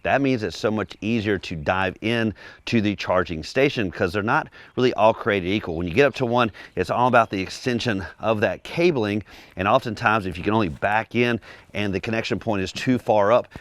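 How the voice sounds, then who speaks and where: A man giving a casual walk-around car review, talking in a relaxed, descriptive, conversational way. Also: on the low side, a little fast, no room sound.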